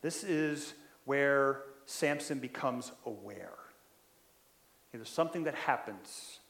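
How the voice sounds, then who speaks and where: A man preaching a sermon in a conversational way, often checking in with the listeners, and growing louder when he stresses a point. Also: mid-range voice, slow pace, vocal fry, roomy sound. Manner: conversational, keeps asking "right?"; animated, builds in loudness when stressing a point. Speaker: pastor.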